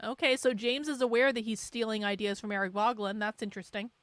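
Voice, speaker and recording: A woman's voice: fairly high pitch, little pitch movement, quick pace, fairly bright tone, no room sound. A woman hosting a livestream, commenting sarcastically and casually while she plays a video for viewers. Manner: sarcastic, interrupting, laughing. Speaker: livestream host.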